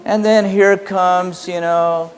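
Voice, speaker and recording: A man's voice: high voice, steady tone, takes it slowly, smooth, voice pushed up. A man parodying a naive, overly pious holy man who croons in a sing-song voice. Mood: mocking sweet. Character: mock-saintly pious man, sugary and naive. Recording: long hall reverb.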